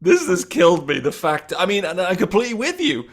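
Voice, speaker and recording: A man hosting a sports podcast, chatting in an animated way and laughing easily. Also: sits high, a little fast. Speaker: podcast host. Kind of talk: casual podcast chat.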